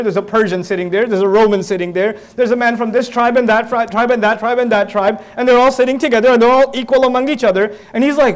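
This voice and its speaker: A man giving a religious lecture as a lively story, joking and laughing often. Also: extremely high pitch. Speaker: Islamic lecturer.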